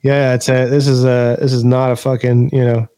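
Casual profane male podcast guest, animated and playful, dry sound. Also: medium pitch, normal speed, dry recording. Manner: profane, laughing, animated storyteller.

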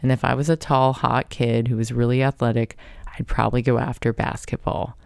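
Creaky-voiced woman telling a chatty story. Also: a bass voice, little pitch movement, a little fast, darkish tone, no echo, clean studio sound. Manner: chatty, swears, laughs mid-sentence. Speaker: podcast host. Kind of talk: casual storytelling monologue.

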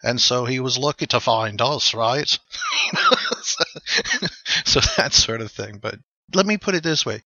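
A man's voice: mid-range voice, animated, normal speed, pushed and bright, no echo. A man speaking as a guest in a casual discussion, loose and chatty with lots of fillers. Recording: dull, dry sound.

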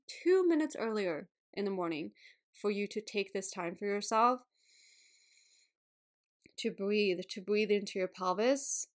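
A woman hosting a wellness podcast in a casual, bubbly way, laughing often and swearing now and then. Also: mid-range voice. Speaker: podcast host.

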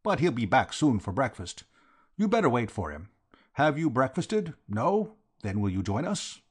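A man's voice: mid-range voice, big pitch swings, normal speed, husky. A man voicing a bluff, hearty older yacht owner in an audiobook reading.

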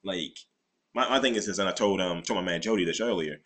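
A man's voice: deep voice, quick pace, fairly bright tone. A man co-hosting a podcast in casual chat, rambling and often restarting his sentences. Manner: rambling, restarts a lot, laid-back. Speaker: podcast co-host.

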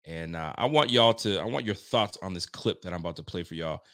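A man hosting a live sports talk show, excitable and loud, often repeating himself as he talks. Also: low-pitched, brisk, no echo, clean studio sound. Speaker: sports podcast host. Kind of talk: casual live show chat.

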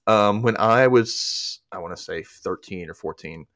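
A man's voice: on the low side, moderate pace, dry recording, clean studio sound. A man hosting a podcast, chatting casually and acting out quotes from scenes. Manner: animated, acts out quotes from scenes. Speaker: podcast host. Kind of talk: casual recap chat.

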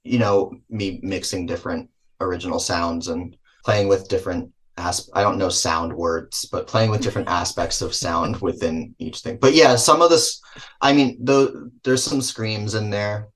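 A man's voice: low voice, fairly even intonation, moderate pace, a bit bright. A man with a New Jersey accent, a filmmaker guest answering interview questions in a loose, self-correcting way. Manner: rambling, self-correcting, laughs between thoughts.

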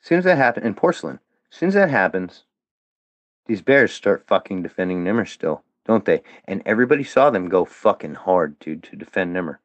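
A man in a full-blown angry rant, swearing constantly and hurling challenges at the people he blames, his pitch swinging widely from lows to sharp highs. The sound is dry and dull, like a muffled lo-fi recording. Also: big pitch swings, fairly quick, no echo. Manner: heated, profane, confrontational. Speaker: guest, former fan of a comedian. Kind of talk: angry monologue addressed at critics.

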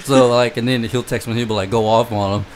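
A man's voice: mid-range voice, fairly even intonation, fast. Man, casual group chat, swears a lot, laughs mid-story, faint hiss in the background.

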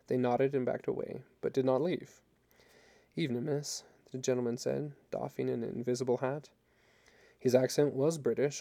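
A man narrating a novel in a measured, even storytelling manner. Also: medium pitch, gravelly. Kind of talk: audiobook reading.

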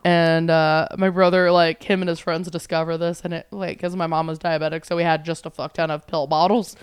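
A woman comedian in casual podcast chat, telling an animated story, swearing freely and acting out the quotes. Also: lowish voice, fairly quick, smooth, no room sound. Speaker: comedian guest.

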